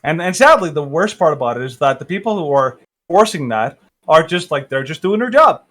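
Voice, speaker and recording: A man co-hosting a podcast, chatting casually, animated and laughing, with frequent stammered restarts. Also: on the high side, fairly quick. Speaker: podcast co-host. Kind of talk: casual political chat.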